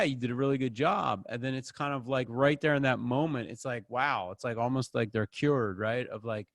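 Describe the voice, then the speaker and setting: Casual male acting teacher, animated, dry close-miked sound. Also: mid-range voice, dry recording. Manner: casual, animated, acts out quotes. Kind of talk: online acting class. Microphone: close microphone.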